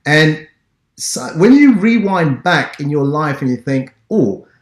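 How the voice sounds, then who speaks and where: A man's voice: fairly high pitch, sing-song, unhurried. A man from Ghana with an English accent, hosting a business interview show and talking in an encouraging, motivational way. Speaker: podcast host. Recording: roomy echo.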